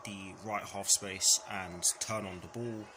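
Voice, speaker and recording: A man giving a live reaction commentary on a football match as a fan, in a steady, measured way that often stops to correct himself. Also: sits low. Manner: steady, measured delivery with frequent self-corrections. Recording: very echoey room with long reverb and background noise.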